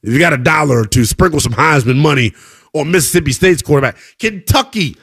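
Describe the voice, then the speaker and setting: A man hosting a live sports radio show, hyping scores with swings between loud calls and low asides. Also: fast talker, slightly rough.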